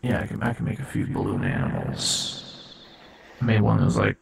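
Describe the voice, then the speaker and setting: On a rough recording, a man with a fairly low voice and vocal fry improvises as God in a comedy bit, talking fairly quickly in a steady tone. The streamer rambles, curses, and interrupts himself mid-sentence.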